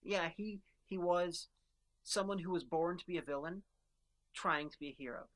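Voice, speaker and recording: A woman's voice: lowish voice, moderate pace. A woman co-hosting a podcast, chatting casually and eagerly picking apart favourite characters, with frequent restarts. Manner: enthusiastic, rambling fan analysis with restarts. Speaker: podcast co-host. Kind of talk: casual chat.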